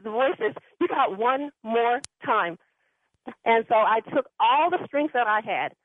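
A woman's voice: on the high side, no room sound. A woman caller telling a rambling personal story, laughing now and then, heard over a phone line. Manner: chatty, rambling, laughs often. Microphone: telephone.

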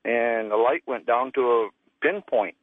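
A man's voice: medium pitch, a little slow, no echo. Folksy male caller on a tinny phone line. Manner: plain folksy storytelling, acts out quoted voices. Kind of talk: telling a personal story by phone.

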